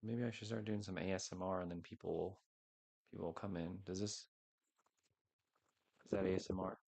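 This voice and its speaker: Man, low voice with fry, unsure rambling livestream host on a headset mic. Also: steady tone, fairly quick, darkish tone. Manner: rambling, unsure, talks to viewers. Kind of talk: casual livestream chat. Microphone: headset microphone.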